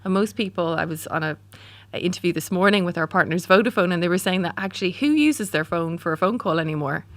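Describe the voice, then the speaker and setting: A woman's voice: on the low side, expressive, fast talker, few pauses, dry recording. A woman in her forties with an Irish accent, a startup founder answering interview questions candidly, with frequent ums and restarts. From Ireland.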